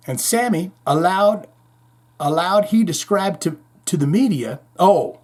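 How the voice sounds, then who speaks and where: A man's voice: high voice, animated, a little slow, a little mellow. A man hosting a heavy metal news podcast, rambling through the stories with irreverent, profane asides. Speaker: podcast host.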